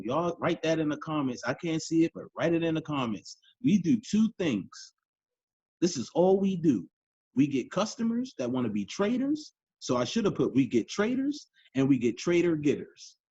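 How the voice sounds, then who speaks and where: In a warm, slightly rough voice that sits a little high and swings widely in pitch, a man coaches a sales team at a moderate pace. His motivational talk is preachy and emphatic, looping back on key lines and calling everyone y'all. It's dry, dull lo-fi audio without echo.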